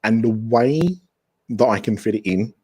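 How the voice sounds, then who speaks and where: A man's voice: lowish voice, steady tone, moderate pace, a little mellow, husky. A man guesting on a podcast over a video call, talking enthusiastically in a rambling way with restarts. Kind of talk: casual remote interview chat.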